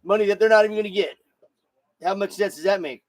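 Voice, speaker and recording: High-voiced man on a profane rant. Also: fast talker, no echo. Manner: profane, blunt, repeats words when heated. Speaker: show host. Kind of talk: solo political rant.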